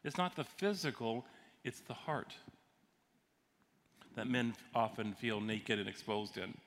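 A pastor and counselor delivers a sermon conversationally, putting questions to his audience. His mid-range voice is a bit bright, and the recording carries a long hall reverb with faint noise.

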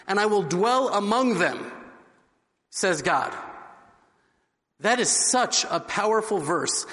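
A man's voice: high-pitched, fairly bright tone. A man giving an inspirational religious talk, telling a story earnestly. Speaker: religious speaker. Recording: long hall reverb.

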